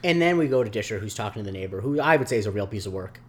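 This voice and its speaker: A man with a lowish, expressive voice co-hosts a podcast and recaps a TV episode in casual conversation. He rambles, leans heavily on fillers, and drops into quick voice impressions.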